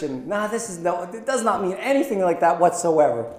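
High-voiced man preaching in an echoey room. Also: expressive, a little fast, hardly any pauses, darkish tone, slight background noise. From Philippines. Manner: conversational preaching with playful asides. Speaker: pastor. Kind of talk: sermon.

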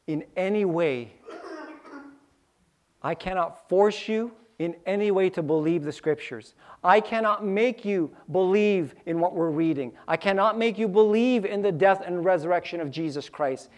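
A man's voice: high voice, unhurried, a little mellow. A man preaching a sermon, acting out little scenes with sound effects and repeating key lines for emphasis. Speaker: pastor.

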